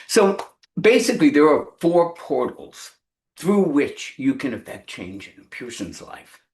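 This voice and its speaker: A man giving a conversational commencement keynote, animated, with some fillers. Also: a little high, measured pace. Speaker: keynote speaker. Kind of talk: commencement speech. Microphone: live-stream microphone.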